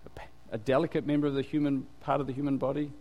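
A man preaches very fast in a mid-range, level voice, and the recording sounds lo-fi with a long hall reverb. As pastor in a church, he keeps the sermon chatty and conversational, often asking the congregation questions and waiting for responses.

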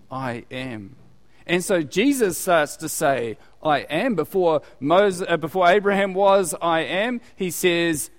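A man's voice: fairly high pitch, animated. A man preaching a sermon, asking his listeners questions and rising in volume when he quotes scripture. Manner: unhurried, rising loud on scripture quotes, asks the audience questions. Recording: long hall reverb.

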